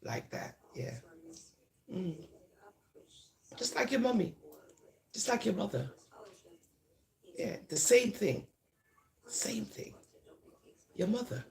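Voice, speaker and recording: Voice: mid-range voice, big pitch swings, creaky. A speaker from Jamaica, delivering a teasing, taunting comic monologue and drawing words out. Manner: teasing, sing-song, drawn-out words.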